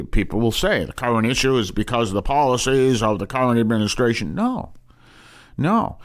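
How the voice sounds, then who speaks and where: A man, a priest hosting a broadcast, teaching in a rambling, emphatic way with many restarts and asides. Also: on the low side. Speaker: priest and show host.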